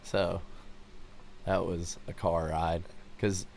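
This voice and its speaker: A man with a Southern US accent, chatting casually as a podcast guest, laid-back and quick to laugh. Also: deep voice, flat delivery, gravelly, darkish tone, slight background noise. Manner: laid-back, says "dude" often, laughs easily. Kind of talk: casual chat.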